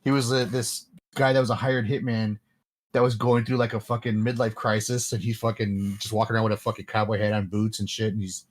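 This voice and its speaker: A man's voice: lowish voice, flat delivery, fairly quick. A man co-hosting a casual podcast chat, rambling with many fillers and restarts. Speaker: podcast co-host.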